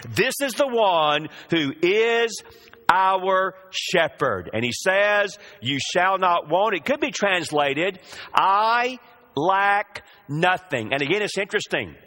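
A man's voice: high voice, sharp tone. A man preaching a sermon, drawing out the scripture quotes with emphasis.

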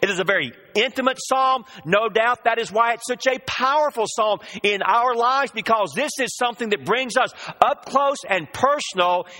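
A man's voice: very high voice, normal speed, few pauses, sharp tone. A man preaching a sermon, drawing out the scripture quotes with emphasis.

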